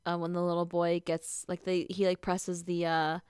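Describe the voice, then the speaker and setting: A woman's voice: on the low side, monotone, a little mellow, clean tone, no room sound, studio quality. A woman co-hosting a casual podcast, reacting with gasps and swearing as she chats about horror shows. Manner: reactive, gasping, swears, quick talk. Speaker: podcast co-host. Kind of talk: casual chat.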